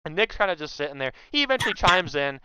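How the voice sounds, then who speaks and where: A young man telling a story in casual chat, animated and loudly acting out what others said. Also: a little high, fast talker, clear, resonant tone, no echo, muffled recording. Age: young adult. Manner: animated, acts out quotes loudly. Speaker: guest.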